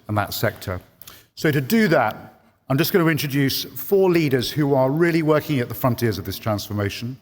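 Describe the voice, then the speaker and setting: A man moderating a conference panel, talking hesitantly with many ums and restarts. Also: mid-range voice. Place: large conference hall. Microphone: handheld microphone. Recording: long hall reverb.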